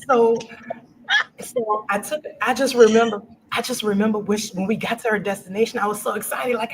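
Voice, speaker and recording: Speaking a little fast in a fairly high voice, this middle-aged business owner from Louisiana recounts her story as an interview guest. She's animated, laughs a lot, and acts out quotes, all over noisy livestream audio.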